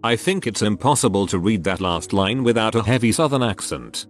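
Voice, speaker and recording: A man narrating anonymous online stories in a steady read-aloud style. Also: fairly low pitch, a little fast. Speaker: narrator reading online posts. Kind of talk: scripted narration. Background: faint music.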